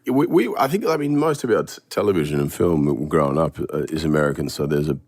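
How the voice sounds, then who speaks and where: A man's voice: very deep voice, animated, a little fast, a little mellow, no echo. A middle-aged Australian man, a podcast guest, telling rambling, self-mocking stories in casual chat.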